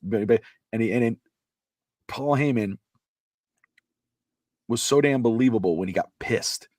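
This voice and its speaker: A man co-hosting a casual podcast, rambling and animated, acting out quotes, with a slightly irritated throat. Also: mid-range voice, moderate pace, long pauses, no room sound, clean studio sound. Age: adult with a child. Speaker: podcast co-host.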